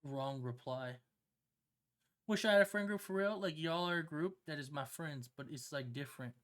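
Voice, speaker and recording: A streamer chatting casually with viewers on a live stream, slangy and excitable, swearing often and laughing a lot. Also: mid-range voice, moderate pace. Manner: slangy, swears a lot, keeps saying "bro". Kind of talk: casual livestream chat with viewers.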